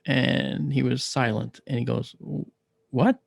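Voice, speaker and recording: A man of science recounts a personal experience in an animated storytelling manner, acting out the people he quotes. His voice has a gravelly, husky grain. The recording is dry and close, with no room sound. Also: mid-range voice, takes it slowly, dry recording. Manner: acts out dialogue in lively quoted voices.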